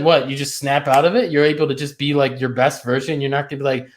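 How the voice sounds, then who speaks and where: A man co-hosting a casual livestream with his wife, playful and quick to laugh, with casual swearing. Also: mid-range voice, steady tone. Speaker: co-host. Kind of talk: casual couple's livestream talk.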